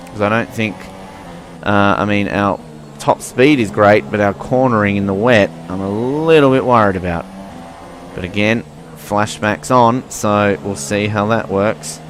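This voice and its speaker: Chatty man commentating a racing game. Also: on the low side. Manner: chatty, rambling, self-mocking. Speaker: gaming commentator. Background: faint car engine noise.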